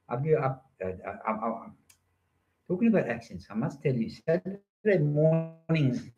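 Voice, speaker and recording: An older man spins a loose, rambling monologue, full of jokes and sudden detours. His voice sits at an ordinary middle pitch. The recording is dull and lo-fi, with the top end muffled. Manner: playful, joking, digressive. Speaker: storyteller.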